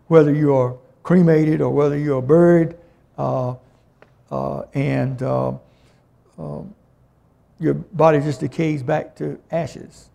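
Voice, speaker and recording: A man's voice: a little high, gravelly, dark tone. A man preaching a sermon in a plain-spoken way, reading scripture aloud and explaining it.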